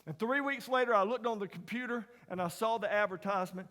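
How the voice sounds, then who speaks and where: A middle-aged man preaches by telling a story, his voice pitched fairly high for a man. He slips from hushed asides into loud, ringing emphasis. The sound carries a long reverb from a large chapel hall. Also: quick pace. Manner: folksy, dramatic storyteller, drops to whispers and rises to near shouts. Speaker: chapel speaker. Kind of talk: storytelling sermon.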